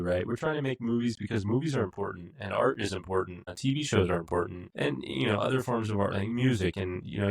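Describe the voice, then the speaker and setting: Low-voiced man rambling through a TV review. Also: gravelly. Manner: rambling, full of fillers. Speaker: podcast co-host. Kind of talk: casual review chat.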